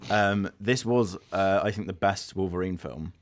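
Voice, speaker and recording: A man's voice: low voice, moderate pace, no echo. A man co-hosting a podcast in a casual, chatty way, with lots of fillers. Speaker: podcast co-host. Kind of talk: casual chat.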